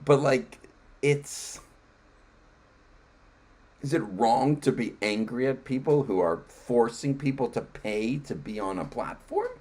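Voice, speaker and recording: A man's voice: mid-range voice, slow, long pauses. A man hosting a podcast in casual conversation, telling stories with lots of restarts. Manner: animated storytelling with many restarts. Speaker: podcast host.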